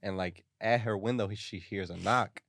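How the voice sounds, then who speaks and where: Husky young man telling a story. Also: on the low side, fairly even intonation, moderate pace, a bit bright, distant mic, rough recording. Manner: loose, slangy storytelling with frequent "like" and laughter. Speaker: podcast co-host recapping a show. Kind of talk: casual chat.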